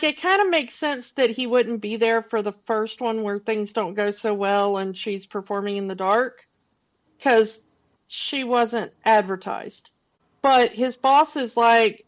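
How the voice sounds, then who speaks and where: A woman co-hosting a film podcast, talking through her thoughts in an unhurried, casual way. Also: on the high side, lo-fi sound. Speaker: podcast co-host.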